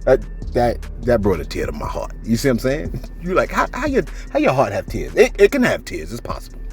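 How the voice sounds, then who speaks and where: Animated man doing casual vlog commentary. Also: medium pitch, fairly quick, faint music behind. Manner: animated, rhetorical, keeps saying "you know what I'm saying". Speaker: celebrity news commentator. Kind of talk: casual vlog commentary and viewer shout-outs.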